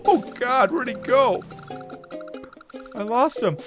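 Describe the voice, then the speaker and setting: Man, gaming commentary, giggly, shrieks and low mutters, very lively pitch, game music behind. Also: takes it slowly. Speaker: gaming YouTuber. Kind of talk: comedic gameplay commentary.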